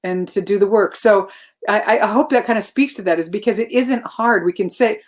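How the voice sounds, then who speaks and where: A woman guest in a casual conversation, reflective, turning animated in her quoted asides. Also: mid-range voice, brisk.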